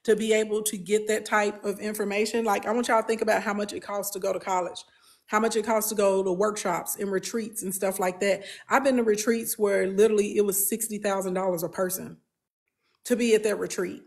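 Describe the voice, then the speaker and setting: A woman's voice: mid-range voice, steady tone, fairly quick. A woman, a business coach talking bluntly and emphatically to her followers, often repeating phrases. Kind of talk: candid talk to followers.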